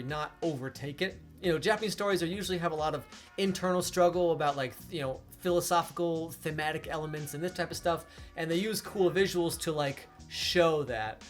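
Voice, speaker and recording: A young man explaining his video choices in a loose, casual monologue, padding his talk with many filler words. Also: on the high side. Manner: rambling, heavy with filler words. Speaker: video essayist.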